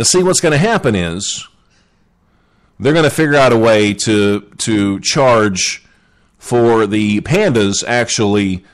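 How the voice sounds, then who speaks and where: A man hosting a comedic show, rambling jokily through odd news stories and asking his listeners questions. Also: medium pitch. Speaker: radio show host.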